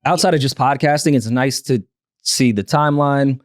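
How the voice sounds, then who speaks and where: A man co-hosting a podcast, chatting casually in an animated way and laughing often. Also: medium pitch, normal speed, dry recording, clean studio sound. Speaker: podcast co-host. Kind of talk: casual group chat.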